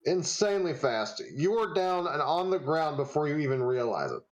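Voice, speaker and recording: Loose, chuckling game master. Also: male voice, fairly high pitch, sing-song, moderate pace, poor audio. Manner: loose, chuckling, lots of fillers. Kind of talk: narrating a tabletop game.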